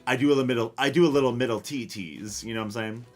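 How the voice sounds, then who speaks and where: A man live-streams a cozy game, chatting casually during gameplay and reading out chat. He rambles, questions himself wryly and swears casually, speaking rapid-fire in a mid-range voice.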